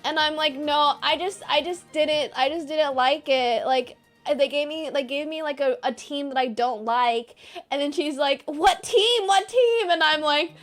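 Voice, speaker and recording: A young woman streamer in her twenties, telling a story to her chat in a casual, animated way, swearing and acting out the other people's voices. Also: high voice, moderate pace, soft background music.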